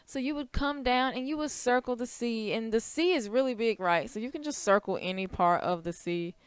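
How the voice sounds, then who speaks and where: Cheerful woman teacher, smooth clear voice. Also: on the high side, no room sound. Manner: upbeat, encouraging, explains each step slowly. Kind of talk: recorded online class for young children.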